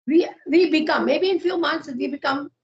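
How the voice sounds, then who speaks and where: A high-voiced woman with an Indian accent talks in a friendly, agreeable way and often says "you know". Her voice comes through dull and lo-fi. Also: moderate pace. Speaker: guest speaker. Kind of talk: casual conversation practice. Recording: muffled lo-fi audio.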